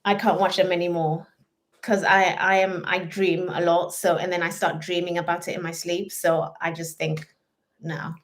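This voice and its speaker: A woman's voice: on the low side, little pitch movement, moderate pace. A British woman co-hosting a live chat stream, chatty and reading out viewer comments. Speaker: livestream co-host.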